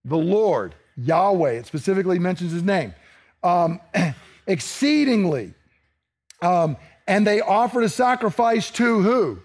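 High-voiced animated preacher man. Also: measured pace. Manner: animated, asks the congregation questions, acts out dialogue. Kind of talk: sermon.

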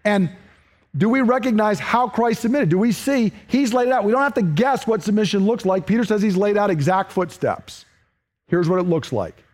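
A man preaching a sermon, earnest and questioning, moving between emphatic points and hushed, slowed lines. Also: sits high, expressive. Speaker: pastor.

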